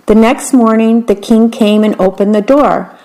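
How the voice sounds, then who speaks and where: A woman reading a fairy tale aloud, gentle with wry asides. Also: on the high side, normal speed. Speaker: storyteller.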